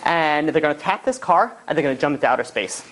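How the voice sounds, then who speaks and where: A man's voice: fairly high pitch, expressive, quick pace, a bit bright, voice pushed down, poor audio. A man voicing a jittery, rambling street panhandler who pleads and repeats himself, paranoid and wheedling. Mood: conspiratorial.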